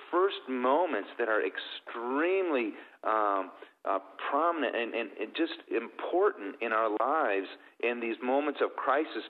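A man's voice: medium pitch, long reverb tail, phone-quality sound. A middle-aged man giving an earnest, heartfelt personal testimony as a guest.

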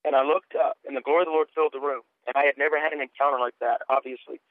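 A man's voice: medium pitch, fairly even intonation, rapid-fire, no echo. A middle-aged man, a guest preacher, earnestly telling his personal testimony and often repeating words as he starts sentences. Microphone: phone. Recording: tinny dry phone line.

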